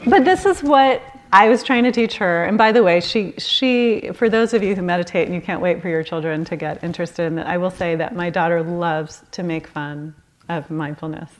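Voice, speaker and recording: A woman's voice: lowish voice, normal speed. A woman in her forties giving a candid, laughing talk as a meditation teacher at a retreat. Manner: warm, candid, storytelling with laughs and self-corrections.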